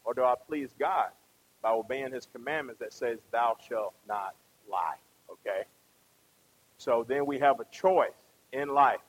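A man's voice: medium pitch, measured pace, low-quality recording. A man preaching a conversational sermon, often asking the congregation questions and tagging them with "right?".

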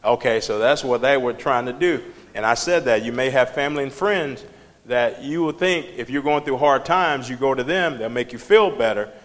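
A man's voice: mid-range voice, moderate pace. Male Bible study teacher, emphatic and conversational, quizzing the class, with a long hall echo. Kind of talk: preaching Bible study lesson.

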